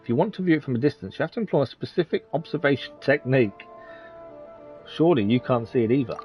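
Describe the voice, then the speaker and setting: A man's voice: mid-range voice, animated, fast, lightly acted. A fussy, long-winded male scholar from a game, as a streamer reads him out, pompous and wordy, with a middling voice. The sound is a little dull, with faint game music underneath. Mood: earnest. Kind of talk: reading game dialogue aloud.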